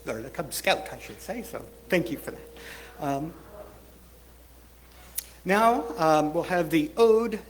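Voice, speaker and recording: Halting host in a lively voice. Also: mid-range voice, a little hiss or hum. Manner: relaxed and halting, with fillers. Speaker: event host. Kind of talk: casual event hosting. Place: church hall.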